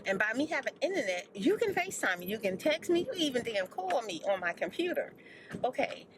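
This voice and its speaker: Animated older woman rambling high. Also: brisk, background noise. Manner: animated, repetitive, complaining, acts out dialogue. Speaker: ASMR creator. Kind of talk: rambling storytelling chat.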